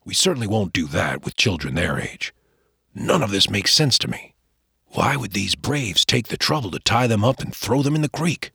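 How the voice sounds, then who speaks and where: A man doing a low-voiced frontier father. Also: very animated, moderate pace, gravelly, pushed and bright, breathy edge, no room sound, studio quality, full character voice. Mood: puzzled. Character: steady frontier father, grave and practical.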